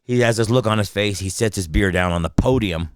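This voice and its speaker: A man in his fifties, a guest comedian and voice actor, telling animated, profane anecdotes in casual chat, acting out the people he quotes, on a close studio mic. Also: fairly low pitch, a little fast, slight background noise. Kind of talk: casual storytelling. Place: podcast studio.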